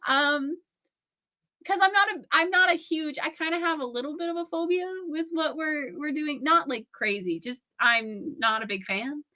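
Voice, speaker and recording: A playful young woman co-hosting a casual chat, her voice bright and a touch high. She giggles often between questions. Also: normal speed. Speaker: co-host.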